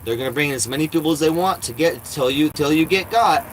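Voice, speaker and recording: Fairly high-pitched and a fast talker, this man vlogs from inside an RV on poor audio with some hiss or hum. He rambles casually, talks bluntly, swears often, and uses baby talk with his cats.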